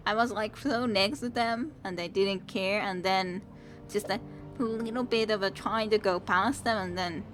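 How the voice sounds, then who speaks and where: Over background video game music and slight noise, a young woman with a mid-range, somewhat bright voice giggles through a casual let's-play. She chats away while streaming and addresses the enemies she battles.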